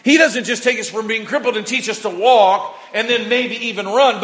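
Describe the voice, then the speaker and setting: A man preaching a sermon, telling a story with animated delivery, acting out people's words and rising to shouts at key points. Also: high voice, normal speed, hardly any pauses.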